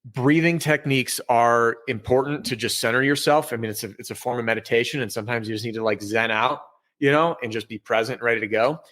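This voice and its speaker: Brief: candid, energetic man, mid-pitch, a sales trainer guesting on a podcast over a video call. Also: fast talker. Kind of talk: casual podcast interview. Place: home office with bookshelf.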